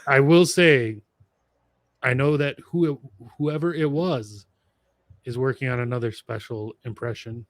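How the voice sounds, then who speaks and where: A man co-hosting a casual podcast chat, teasing with quick asides. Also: mid-range voice, no room sound. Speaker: podcast co-host.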